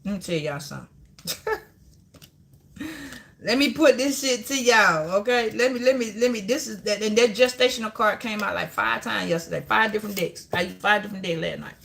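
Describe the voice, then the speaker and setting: Bright-voiced woman, profane and preachy. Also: medium pitch, fairly quick, vocal fry. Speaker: tarot reader. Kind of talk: live-stream tarot reading.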